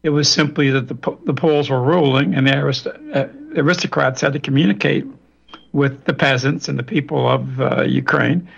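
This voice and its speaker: A man's voice: medium pitch, moderate pace, gravelly, husky. A man, a guest on a radio interview, lecturing in a long, digressive way with frequent restarts over a remote line. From Louisiana, US. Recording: dull lo-fi radio audio.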